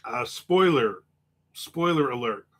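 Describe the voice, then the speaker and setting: A man's voice: mid-range voice, animated, fairly bright tone. Joking male livestream host. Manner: joking, quick asides. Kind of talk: casual livestream chat reading viewer comments.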